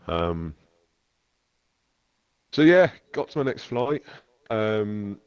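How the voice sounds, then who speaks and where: English man, casual storyteller, swearing, deep-ish voice, dull dry sound. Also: drawn-out words, long pauses, clean tone, no room sound. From England. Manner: animated, swearing, loud shifts when quoting others. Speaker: podcast host.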